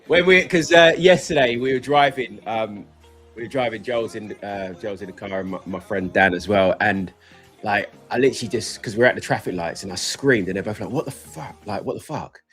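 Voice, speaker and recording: A young man hosting a live trading stream, chatting and rambling casually, with excitable bursts of laughter. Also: lowish voice, a little fast, faint music behind.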